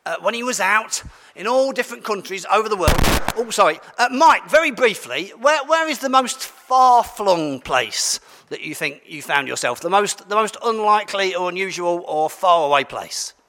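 A man's voice: high voice, expressive, normal speed, sharp tone. A man, preaching a playful, interactive sermon and bantering with his congregation in a large church. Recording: long church hall reverb.

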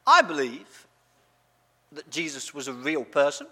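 A man preaching a family-friendly sermon in a big hall, with long reverb trailing each phrase. His voice is high and very bright, and it swoops up and down as he quizzes the crowd in a playful, animated way. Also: measured pace. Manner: animated, asks the audience questions, playful.

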